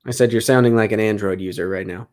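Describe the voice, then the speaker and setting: A man talking relaxed on a podcast as a guest, with teasing banter. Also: fairly low pitch, fast talker. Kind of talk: casual podcast chat.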